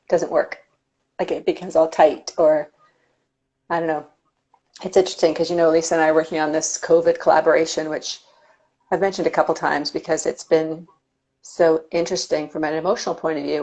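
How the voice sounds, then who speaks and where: A woman's voice: low voice, a little mellow, rough recording. A woman hosting a casual conversation with an artist, reflective and thinking aloud. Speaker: host. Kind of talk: casual conversation about art.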